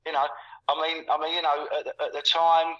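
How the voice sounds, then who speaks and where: This is casual, rambling talk from a man in his sixties from England, here as a guest, who keeps repeating words and layering fillers. He speaks briskly in a slightly high voice with little pitch movement, and the call recording sounds muffled and lo-fi.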